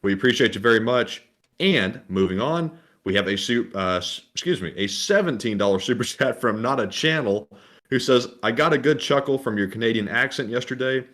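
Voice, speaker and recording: A man co-hosting a live stream, reading out viewer donations and messages in a steady, matter-of-fact way. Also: medium pitch, fairly quick.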